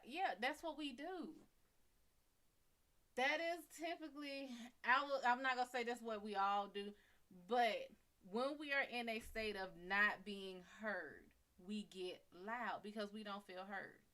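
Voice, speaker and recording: A woman psychic reader giving blunt, animated relationship advice on a live stream, acting out dialogue as she talks. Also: mid-range voice.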